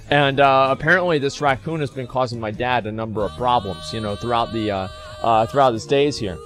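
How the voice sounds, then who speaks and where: A man's voice: medium pitch, fairly quick, a bit bright, soft background music. A man telling a long story casually to his stream audience, rambling and swearing freely. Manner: rambling, profane, restarts and fillers.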